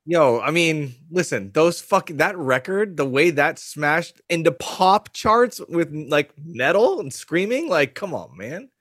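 Excitable man from Florida. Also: on the high side, a little slow, hardly any pauses, no room sound, clean studio sound. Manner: excitable, profane. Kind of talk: casual chat.

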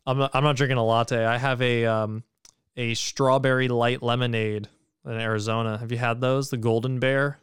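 Guy cohosting a podcast, cracks jokes, swears a lot, smooth clear voice. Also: mid-range voice, flat delivery, moderate pace, a bit bright, no room sound, clean studio sound. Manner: joking, profane, rambling. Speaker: podcast co-host. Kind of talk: casual chat.

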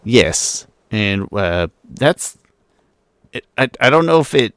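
A man hosting a casual podcast chat, chatty and quick with asides as he introduces the show. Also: mid-range voice, big pitch swings, fairly bright tone, no room sound. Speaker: podcast host.

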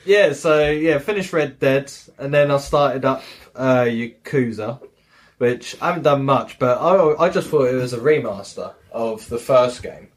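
A man's voice: medium pitch, unhurried. Man rambling on a gaming podcast. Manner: rambling retelling with swearing and acted-out quotes. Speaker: podcast host. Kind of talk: casual gaming podcast chat.

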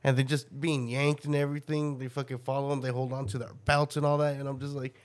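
A man's voice: medium pitch, level tone, fast talker, few pauses. A man co-hosting a podcast, telling stories in rambling, profane casual chat and laughing often. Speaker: podcast co-host.

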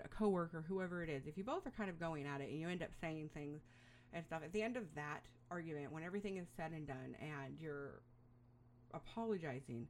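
A middle-aged woman with a notably low, deep speaking voice talks through parenting advice in a relaxed, rambling way. She fills her speech with "you know" and "um," and lets small laughs slip in between her thoughts. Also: a little hiss or hum. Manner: rambling, chatty, with frequent fillers and little laughs. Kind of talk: casual advice monologue.

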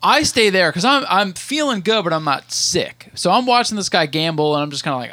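Male podcast co-host, 30s, chatty rambling storyteller, voice a bit high. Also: brisk, few pauses, no room sound. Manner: rambling, animated storyteller with many restarts. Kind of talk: casual storytelling chat.

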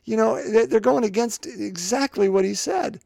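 A man preaching a homily in a fairly high, gravelly voice. He rambles and breaks off mid-thought, mixing in jokes. The recording is dry and close. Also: normal speed, darkish tone, no echo. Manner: rambling, self-interrupting, joking. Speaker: priest.

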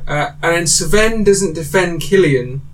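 A man's voice: a little high, animated, a little slow. A man casually recapping a film plot in a rambling way, with many ums and likes. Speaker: podcast co-host recapping a film. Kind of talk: casual chat. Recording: distant mic with faint noise.

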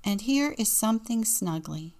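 A woman's voice: mid-range voice, animated, normal speed, darkish tone, voice pushed up, natural voice. A woman voicing a sensible older boy who reassures his little brother in a storybook. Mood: reassuring.

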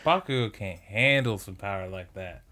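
A man co-hosting a podcast who drops quick joking remarks into a casual chat. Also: lowish voice, sharp tone. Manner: joking interjections. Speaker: podcast co-host.

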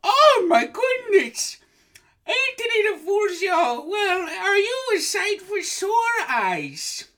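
A shrill, gushing old fortune-teller lady, put on by a man in a high falsetto. She is flamboyant and theatrical, fawning and carried away. It is a comedy podcast skit. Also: sing-song, slow, bright, forceful tone, exaggerated voice. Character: flamboyant older female psychic from Eastern Europe.

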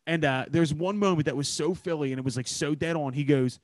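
A young man in his twenties with a Philadelphia accent, hosting a casual podcast, telling animated stories and swearing freely. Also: a little high, a little fast, no echo. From Philadelphia area. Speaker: podcast host. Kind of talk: casual profane podcast chat.

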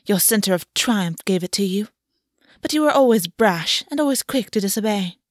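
A woman's voice: mid-range voice, animated, normal speed, dry recording, studio quality, lightly acted. A woman voicing a cruel, manipulative fae queen mother in a silky, sweetly menacing way.

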